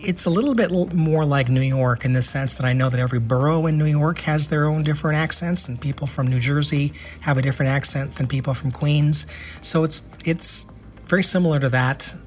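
A man's voice: a little high, fairly quick, slight background noise. An American man hosting a casual travel podcast, chatty and enthusiastic, often repeating words as he thinks. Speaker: podcast host.

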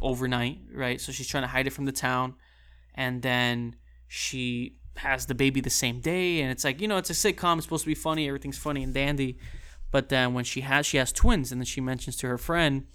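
A man's voice: medium pitch, a bit bright, smooth. A man casually recapping and reviewing a TV episode, rambling with frequent restarts and fillers. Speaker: TV show reviewer.

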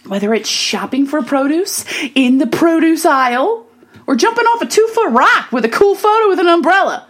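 Animated high-voiced chatty woman. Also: moderate pace. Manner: animated, chatty storytelling with acted-out self quotes; upbeat, motivational. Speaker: vlogger. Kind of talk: casual monologue to camera.

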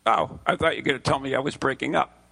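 A man's voice: mid-range voice, fast, creaky, pushed and bright, breathy edge. A man co-hosting a casual chat show, rambling and teasing, often stumbling over his words. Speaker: podcast co-host. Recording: voice breaking up over an online call.

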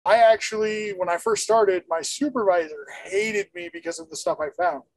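A man, a former airport screener, explaining his work in a matter-of-fact, halting way. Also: sits high, sing-song, vocal fry, no room sound, rough recording. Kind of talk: casual explanation.

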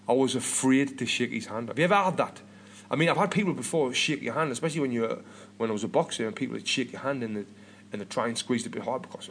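A man's voice: medium pitch, animated, quick pace, fairly bright tone, a little hiss or hum. A British man in his thirties hosting a podcast, chatting casually and rambling with lots of restarts and repeated words. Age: 30s. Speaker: podcast host.

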